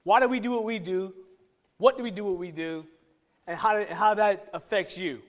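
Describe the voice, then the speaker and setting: A pastor with a high-pitched voice preaches in a relaxed, conversational way. He fires off one rhetorical question after another and teases the congregation in between. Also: normal speed. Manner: asks many rhetorical questions; informal, joking with the congregation. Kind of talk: conversational sermon.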